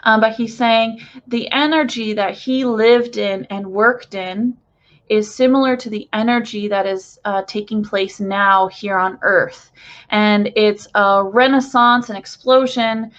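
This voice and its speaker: Slow-talking, excitable woman channeler. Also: medium pitch, highs cut off. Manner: excitable, gushing, many fillers. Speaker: spiritual channeler. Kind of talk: casual channeling session for viewers. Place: her bedroom.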